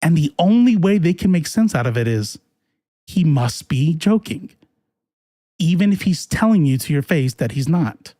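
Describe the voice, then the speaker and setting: A man's voice: fairly high pitch, big pitch swings, moderate pace, warm tone, no echo, clean studio sound. A man doing casual live-stream political commentary, reading chat and ranting in a heated, profane, rambling way with many restarts.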